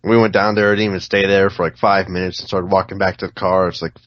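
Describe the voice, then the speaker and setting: Man, low voice, podcast co-host, laid-back, casual swearing, dry dull sound. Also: little pitch movement, fast talker, fairly bright tone, no echo. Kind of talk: casual chat.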